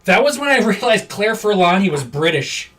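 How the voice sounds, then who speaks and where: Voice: mid-range voice, very animated, normal speed, a bit bright, recorded from a distance, slight background noise. A card-break host from Wisconsin, chatting casually and rambling on a live stream indoors. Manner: chatty, rambling, easily amused. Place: indoor room.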